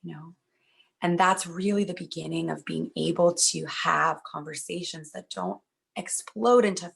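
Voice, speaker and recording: Young woman speaker, reassuring and earnest, husky gravelly low voice. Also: a bit bright. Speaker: workshop speaker. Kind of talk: talk at a virtual event.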